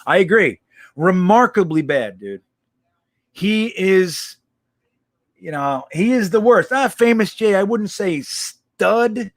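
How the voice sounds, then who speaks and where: A man with a high voice hosts a casual live stream, reading out comments and answering them bluntly, swearing freely. The sound is dry and close, with no room around it. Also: big pitch swings, takes it slowly, dry recording. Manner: blunt, profane, reacts to chat.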